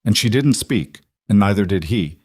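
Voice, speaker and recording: A man reading a scripted dramatic story in a measured, somber way. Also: lowish voice, expressive, darkish tone, breathy edge, no echo, studio quality. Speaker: narrator.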